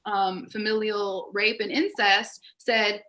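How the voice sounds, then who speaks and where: A woman with a bright, forceful voice speaks with passion and intensity in a casual panel conversation. She presses her points and affirms the other guest warmly. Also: medium pitch, flat delivery, slow pace, low-quality recording.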